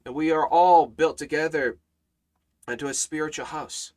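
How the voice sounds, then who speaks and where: A man with a high voice preaches through a Bible study. He hammers phrases by repeating them, swelling loud and dropping low. His delivery is earnest and emphatic. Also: normal speed. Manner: emphatic, repeats phrases with rising and falling force. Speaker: Bible teacher.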